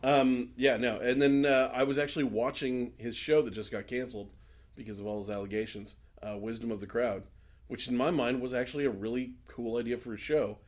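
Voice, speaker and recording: A man in mid-range pitch co-hosting a casual podcast. He rambles through stories, swears freely and laughs a lot. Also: fairly even intonation, fairly quick. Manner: rambling, swearing, laughs often, retells scenes in put-on voices. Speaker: podcast co-host. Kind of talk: casual chat.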